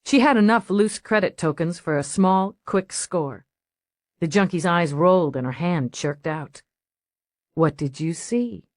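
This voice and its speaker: A woman narrating a crime audiobook in a steady, measured storytelling voice on a close mic. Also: fairly low pitch, no echo. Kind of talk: scripted narration.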